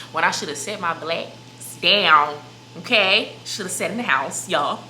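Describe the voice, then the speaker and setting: A young woman vlogger talks straight to her viewers in a loose, emphatic sit-down chat. Her voice is bright and sits a little low. She is recorded in an echoey room with a faint hiss. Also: measured pace. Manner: chatty, emphatic, addresses viewers as "y'all" and "baby". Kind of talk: casual sit-down chat to camera.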